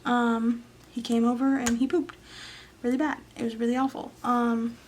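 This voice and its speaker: A tired young woman, yawning late at night at home, casually rambles through her planner for a vlog voice-over. Her voice is a little high and level at normal speed, with a slight hiss or hum, and she fills her talk with fillers and often trails off into whispered asides.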